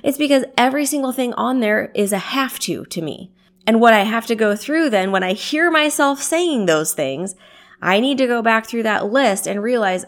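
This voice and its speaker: A woman's voice: fairly high pitch, lively intonation, moderate pace. Chatty woman coaching listeners on self-care. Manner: conversational, with frequent rhetorical questions and tag "right?"; laughs easily while speaking. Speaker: wellness coach. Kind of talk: self-help teaching talk.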